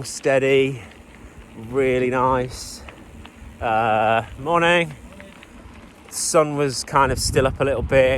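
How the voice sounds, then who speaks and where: A man's voice: medium pitch, a bit bright. Male cyclist, casual on-the-go vlog narration, conversational and self-deprecating, faint outdoor background noise. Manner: chatty, rambling, with self-deprecating asides. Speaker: bikepacking racer vlogging the ride. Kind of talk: casual spoken recap while riding. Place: outdoors on a trail, riding a bike.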